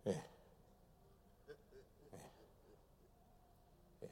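A man from Ghana preaching a sermon, repeating phrases and swinging between shouts and quiet, low lines. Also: wildly swooping pitch, a little slow, pauses often. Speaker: pastor.

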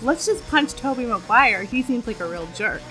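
A woman co-hosting a casual film podcast, quick with banter and laughter. Her voice is bright and her pitch moves a lot, with faint music in the background. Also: lively intonation. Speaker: podcast co-host. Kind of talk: casual chat.

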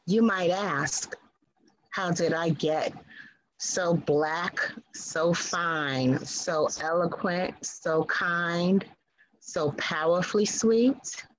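A woman reciting her own poem over a video call in a measured, declamatory way. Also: lowish voice, no echo, low-quality recording. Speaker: poet. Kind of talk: spoken word poetry reading.

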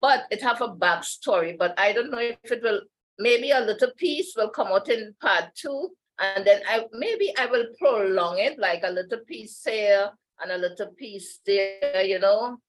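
A woman's voice: mid-range voice, animated, measured pace, soft background music, rough recording. A woman, a podcast guest chatting casually in a meandering way and laughing often. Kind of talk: casual interview chat.

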